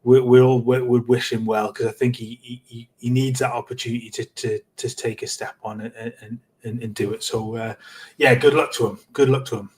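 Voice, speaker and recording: A middle-aged man co-hosting a casual football podcast, talking earnestly with many halting repeats. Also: mid-range voice, level tone, darkish tone. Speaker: podcast co-host.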